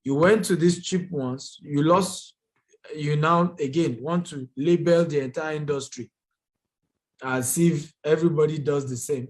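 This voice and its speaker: A man's voice: on the high side, fairly even intonation, a little slow. A man hosting a live investment training, talking straight to his viewers, emphatic and repetitive as he answers their comments.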